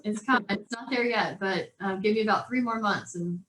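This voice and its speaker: Animated storytelling woman, echoey room. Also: medium pitch, fairly quick. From California. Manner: lively, acts out voices of others in her story. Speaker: interview guest.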